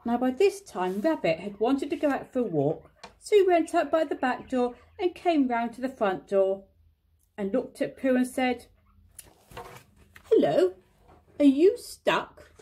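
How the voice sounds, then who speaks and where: An older woman reading a children's storybook aloud in a slow, careful manner. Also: on the high side, big pitch swings, mellow.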